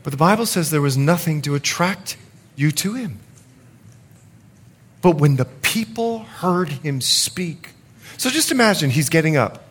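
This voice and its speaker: Animated preaching man. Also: fairly high pitch, measured pace, pauses often, husky. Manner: animated preaching with jokes and asides. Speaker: pastor. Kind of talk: sermon.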